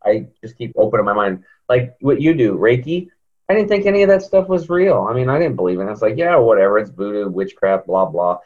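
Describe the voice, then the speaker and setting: A low-pitched man tells a story on a podcast, the sound dull and lo-fi. He talks with lively animation and keeps leaping up in pitch whenever he acts out what other people said. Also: a little fast. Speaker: podcast guest. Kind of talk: storytelling in an interview. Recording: dull lo-fi audio.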